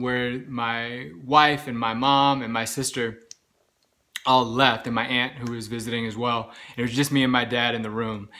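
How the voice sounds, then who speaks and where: A man giving an earnest, halting personal health update while recovering from serious illness, with many pauses and restarts. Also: mid-range voice, pushed and bright. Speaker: vlogger sharing a health update. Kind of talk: personal storytelling.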